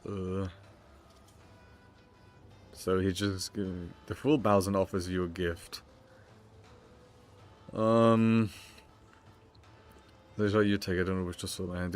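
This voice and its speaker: A man's voice: low voice, little pitch movement, slow pace, long pauses, faint music behind. A man casually commenting on a game and reading its text aloud, tripping over words now and then. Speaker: gamer playing and reading aloud. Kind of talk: let's-play commentary.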